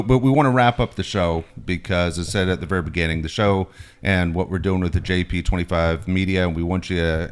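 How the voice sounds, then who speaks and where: Deep-voiced middle-aged man telling a story. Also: clear, resonant tone. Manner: animated storyteller, swearing freely, many restarts. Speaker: podcast co-host. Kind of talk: casual sports chat and storytelling.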